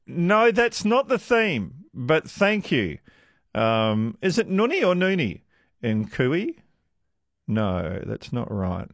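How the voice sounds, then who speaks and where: A man's voice: a little high, dry recording, studio quality. A man hosting a radio quiz with callers, chatty and self-deprecating, laughing often. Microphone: studio microphone.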